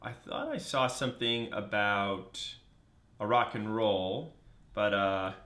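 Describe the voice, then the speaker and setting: A man's voice: on the low side, takes it slowly, fairly bright tone. Upbeat man talking in an echoey room. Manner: upbeat, reads viewer comments, talks to audience. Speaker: co-host. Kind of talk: casual live-stream chat. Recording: roomy echo.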